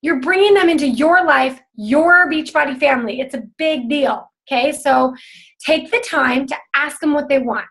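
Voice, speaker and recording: A woman's voice: high-pitched, moderate pace, a bit bright. A woman coaching her team on a call, upbeat and chatty, acting out little conversations as she goes.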